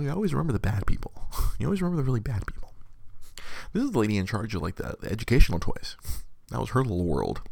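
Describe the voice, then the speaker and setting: A man's voice: low voice, creaky, a little mellow, no room sound. A man, casually telling a rambling story to viewers, repeating words and laughing often.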